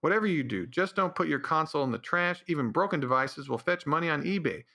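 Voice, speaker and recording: Speaking solo on his podcast, the male host rambles through opinions in a casual rant, often backing up to restart. He talks quickly and animatedly, with a fairly high pitch and a sharp tone.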